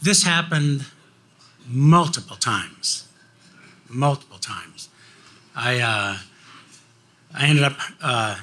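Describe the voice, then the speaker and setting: An older man telling a personal story in a halting way, often repeating words. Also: mid-range voice, pushed and bright. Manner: halting, repeats words, acts out quoted voices. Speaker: guest speaker.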